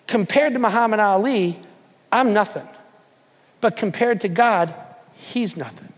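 A man preaching a sermon to a church, emphatic and repetitive, sinking into soft prayer. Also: very high-pitched, big-room sound. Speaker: pastor. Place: church hall.

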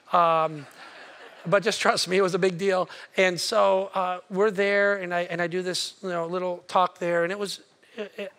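A man's voice: high voice, fairly bright tone. A male pastor, telling a story in a sermon and acting out his own reactions. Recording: long hall reverb.

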